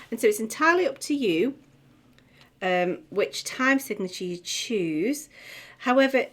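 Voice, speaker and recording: A middle-aged woman gives a music theory lesson at an easy, slow pace. Her pitch sits in the middle of the range, and her tone is chatty. She sounds out words syllable by syllable while writing them down. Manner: chatty, self-correcting, sounds out words slowly as she writes. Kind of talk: tutorial, talking while writing.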